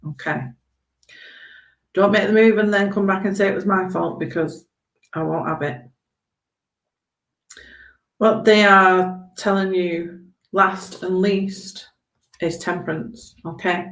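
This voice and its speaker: A woman's voice: mid-range voice, fairly even intonation, takes it slowly, long pauses, a bit bright, echoey room, low-quality recording. A woman giving chatty, reassuring tarot readings on a live stream, often checking in with okay. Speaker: tarot reader.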